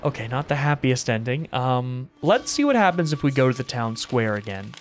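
A man's voice: mid-range voice, animated, normal speed. Man reading a horror game aloud. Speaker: gaming streamer.

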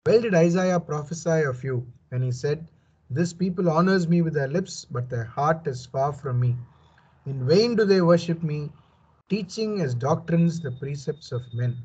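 A man's voice: fairly high pitch, expressive, normal speed, darkish tone, slightly rough, dull audio. A man giving a verse-by-verse Bible commentary, reading passages and explaining them earnestly and emphatically, often saying "you know". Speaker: Bible teacher.

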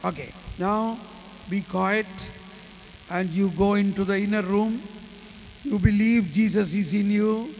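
A man preaching a sermon, telling a story slowly and leading the group in prayer and hallelujahs. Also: high voice, steady tone, a little mellow. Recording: reverberant hall with faint mains hum.

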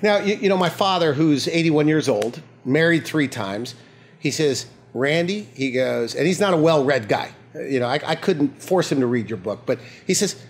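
A male host leads a conversational interview. His voice sits a little high for a man. He prompts his guest with curious follow-up questions. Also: lively intonation, normal speed.

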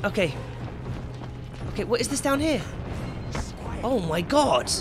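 Man, high and very lively voice, jumpy let's-play commentary with game music behind. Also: a little slow. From England. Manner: jumpy, yelps and swears when startled. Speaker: gaming YouTuber.

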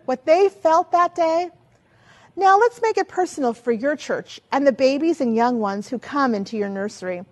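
An older woman giving a lively teaching talk as a children's ministry trainer, asking many rhetorical questions. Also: sits high.

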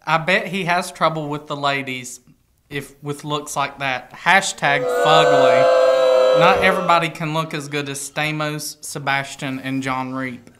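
Deadpan male intern reading comments. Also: on the high side, normal speed, heavy background noise. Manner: deadpan, reading aloud with stifled laughs. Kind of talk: casual comedy podcast chat.

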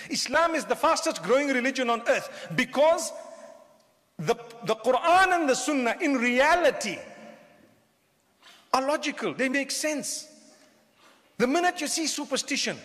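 A man's voice: very high voice, a bit bright. A man preaching a humorous sermon to a crowd, often asking them questions. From southern Africa. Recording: long hall reverb.

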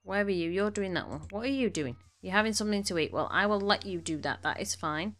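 A woman's voice: mid-range voice, expressive, quick pace, fairly bright tone. A woman giving casual gameplay commentary, chatting along and bossing her game characters around, a little snuffly from allergies. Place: home room.

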